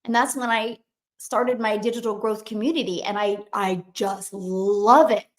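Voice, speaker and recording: A woman in her fifties hosting a live stream, talking fast and energetically to viewers and greeting them by name. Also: mid-range voice, fairly even intonation. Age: 50s. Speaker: livestream host.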